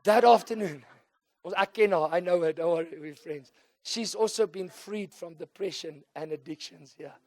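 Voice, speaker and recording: A middle-aged man with a South African accent preaching a sermon, moving between quiet storytelling and loud call-and-response shouts. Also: high-pitched, moderate pace, dry recording. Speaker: pastor.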